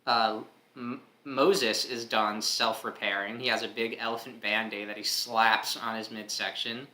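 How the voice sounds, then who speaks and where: Bright-voiced chatty man, echoey room. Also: lowish voice, flat delivery, unhurried. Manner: chatty, laughs often, trails off with fillers. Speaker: host reading a comic live. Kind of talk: casual live read-along commentary.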